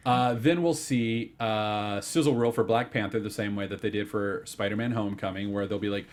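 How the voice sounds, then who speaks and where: A man with a lowish voice talks casually on a movie news panel. He rambles through his guesses, piling up fillers and false starts as he goes. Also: fairly even intonation. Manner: chatty, talks fast through speculation with many fillers and restarts. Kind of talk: casual chat.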